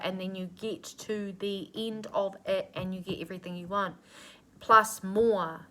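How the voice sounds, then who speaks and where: Slow, nurturing New woman reader. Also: medium pitch, steady tone, sharp tone. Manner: earnest and nurturing, with casual swearing. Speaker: intuitive reader. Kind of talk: channeled spiritual reading.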